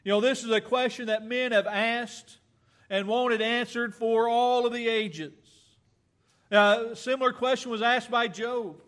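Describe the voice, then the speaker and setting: High-voiced earnest male preacher. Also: steady tone, a bit bright. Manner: slow, earnest, with fillers and self-corrections. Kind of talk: sermon with scripture reading.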